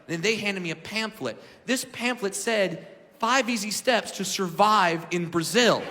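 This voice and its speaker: A man performing a stand-up comedy set on a club stage, loud and animated, shouting his punchlines. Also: high-pitched, a little slow. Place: comedy club stage before a live audience. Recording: reverberant club with crowd laughter.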